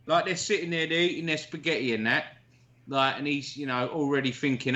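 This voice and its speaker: A man's voice: fairly high pitch, fairly even intonation, a little fast, pushed and bright, muffled recording. A man in casual banter, mocking someone and swearing, now and then slipping into silly impressions.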